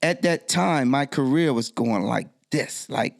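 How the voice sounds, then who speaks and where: A middle-aged man with a gravelly voice tells a story in a podcast interview. He talks in an animated way and jumps up in pitch when he quotes himself. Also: measured pace. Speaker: guest DJ.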